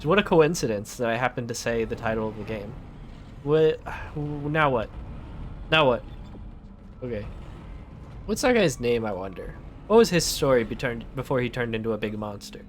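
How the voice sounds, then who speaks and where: A man's voice: mid-range voice, sing-song, brisk, a little hiss or hum. A man streaming a horror game, joking sarcastically and talking back to the game. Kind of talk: gaming commentary.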